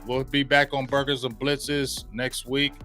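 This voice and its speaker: A man hosting a sports podcast, talking in a casual, slangy, animated way and laughing often. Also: mid-range voice, a little slow, faint music behind. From Ohio. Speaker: podcast host.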